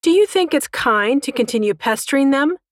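A woman voices a smug male goblin in an audiobook, lifting her pitch above her usual voice. He is glib and teasing, talking down with an aloof ease, in a dry, close recording. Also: lively intonation, normal speed, no room sound. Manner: glib, teasing, calls everyone babe. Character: smug, cheeky male goblin tech officer.

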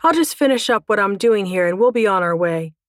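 A woman's voice: mid-range voice, expressive, fairly quick, dry recording, clean studio sound, natural voice. A woman reader voicing a smug, teasing male goblin officer who talks down to a dragon. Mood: smooth. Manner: glib, teasing, calls everyone babe.

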